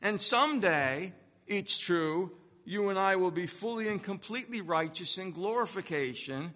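A pastor preaching a sermon, slow and emphatic, with long pauses and rising swells of force. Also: male voice, high-pitched, lively intonation, pushed and bright, long reverb tail.

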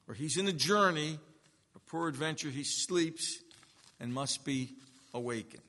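A male pastor preaching with a bright, forceful voice that sits a little high for a man. He swings from ringing emphasis to hushed, slowed phrases. The sound carries a long reverb, as in a big hall. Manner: dramatic swings from loud to hushed. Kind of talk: sermon.

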